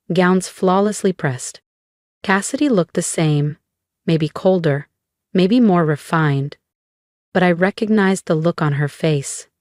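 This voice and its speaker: A woman narrating a first-person story in a measured, cool manner with dramatic pauses. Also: on the low side, a little mellow, dry recording, studio quality.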